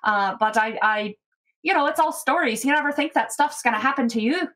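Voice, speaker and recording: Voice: high-pitched, brisk, pushed and bright. A woman voicing a frightened female halfling traveler after an attack. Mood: shaken. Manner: nervous, relieved.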